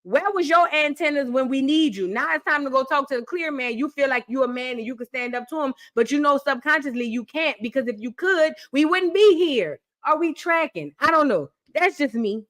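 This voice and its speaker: A high-pitched woman hosts a reaction video and talks in a blunt, heated voice. She gets fiery and profane, pressing every point hard. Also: fairly quick, few pauses, a bit bright. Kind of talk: fired-up reaction commentary.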